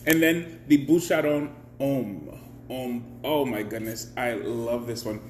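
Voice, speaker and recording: A man's voice: mid-range voice, steady tone, very slow, a little hiss or hum. A man hosting a casual live stream, chatty, greeting viewers by name and laughing often.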